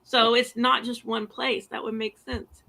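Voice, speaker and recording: Bright, high-voiced woman, eager tone. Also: little pitch movement, unhurried, gravelly, low-quality recording. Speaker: convention panelist. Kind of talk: casual panel chat on a video call.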